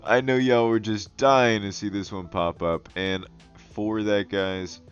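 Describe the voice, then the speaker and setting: A man's voice: on the low side, steady tone, measured pace, clean tone. A man giving comedic, crude commentary while drawing, laughing often and calling himself the Goblin King as he talks to viewers. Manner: crude, profane jokes and frequent laughing; self-styled Goblin King persona talking to viewers. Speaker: digital artist and video host. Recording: dull lo-fi recording with faint music.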